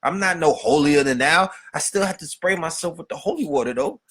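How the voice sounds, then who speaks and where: A man's voice: on the high side, brisk, a bit bright, husky. A man hosting a podcast, delivering a profane, streetwise rant full of rhetorical questions. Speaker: podcast host. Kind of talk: unscripted monologue.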